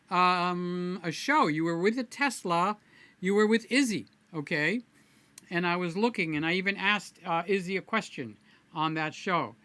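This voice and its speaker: A man's voice: high-pitched, sharp tone, dry recording. A man hosting his own live stream, chatting casually and playfully with viewers by name in a rambling way. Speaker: livestream host.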